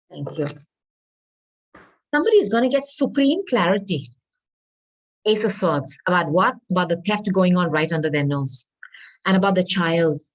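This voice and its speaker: A woman reading tarot cards straight to her viewers. Her pitch swoops up and down as she talks. She sounds earnest and reassuring, stopping now and then to search aloud for a word. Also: poor audio. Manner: addresses viewers as darling. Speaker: tarot reader.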